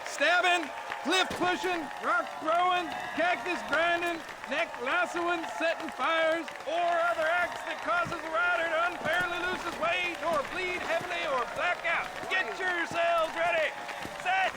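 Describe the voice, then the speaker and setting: An actor playing a race starter who calls out the rules to riders. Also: male voice, fairly even intonation, a little slow. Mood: announcing. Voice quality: booming announcer. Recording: loud crowd and outdoor noise from afar.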